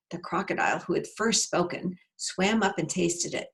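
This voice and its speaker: Woman, storybook narrator, children's read-aloud, expressive, vocal fry. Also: fairly low pitch, normal speed, few pauses.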